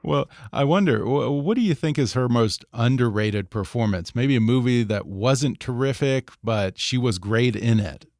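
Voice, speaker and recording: A man hosting a podcast, asking questions in a measured, curious tone and laughing along with his guest. His voice sits at a medium pitch, recorded close and dry. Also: a little mellow, no room sound. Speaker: podcast host.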